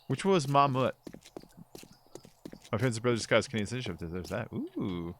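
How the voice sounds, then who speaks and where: Lively man chatting on a noisy stream. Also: medium pitch, moderate pace. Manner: rambling, lots of "like" and swearing; fussing at his dogs between game talk. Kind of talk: casual gaming stream chat. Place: home streaming setup.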